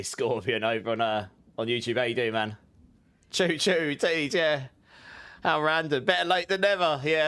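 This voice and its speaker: A man streaming a game, talking loosely to his viewers and greeting them one by one. His voice is clear and smooth, and he laughs easily between remarks. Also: mid-range voice, a bit bright. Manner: chatty, laughs often, greets chat by name. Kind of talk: casual livestream chat with viewers.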